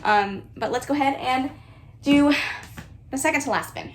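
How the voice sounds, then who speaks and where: A woman's voice: high voice, moderate pace, a little hiss or hum. A young woman chatting casually and giggling as she narrates her own vlog at home. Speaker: booktuber. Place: bedroom with bookshelves, indoors.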